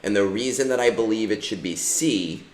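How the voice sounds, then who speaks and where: Brief: low-voiced, unhurried male streamer, rambling, filler-heavy, in a roomy echoing space. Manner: rambling, many fillers and restarts. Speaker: gaming streamer. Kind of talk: casual livestream commentary while playing.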